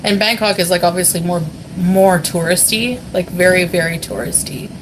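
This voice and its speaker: A woman's voice: fairly low pitch, moderate pace, noisy background. A woman casually chatting on a livestream from a hotel room, reading viewer comments, giggling often and filling her talk with fillers. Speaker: vlogger reading chat.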